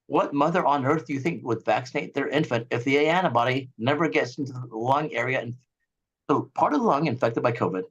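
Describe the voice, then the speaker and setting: A man who is a guest on an interview, talking in an animated, ranting way and acting out the voices of others. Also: mid-range voice, brisk, slightly rough, muffled recording. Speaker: guest, eye surgeon. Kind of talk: casual interview talk.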